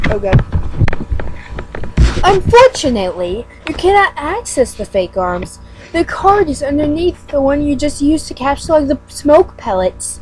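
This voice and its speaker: A woman's voice: sits high, background noise. A woman giving a casual read-aloud of a webcomic. She stumbles over words and breaks off into self-mocking asides. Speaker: fan reader.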